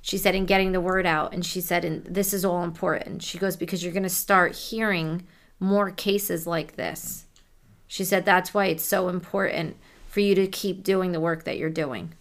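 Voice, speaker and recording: A woman working as a psychic medium, softly relaying messages during a reading in a casual, conversational way. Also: lowish voice, fairly even intonation, moderate pace.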